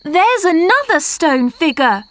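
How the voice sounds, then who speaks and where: A woman's voice: high voice, animated, takes it slowly, a bit bright, voice pushed up, exaggerated voice. A woman voicing Marcia, a brave but anxious young girl in a storybook, calling out eagerly.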